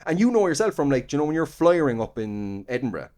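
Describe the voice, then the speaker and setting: An Irish comedian in his mid-thirties, chatting casually as a podcast guest, animated and joking with plenty of swearing. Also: on the high side, fast. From Ireland. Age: 30s.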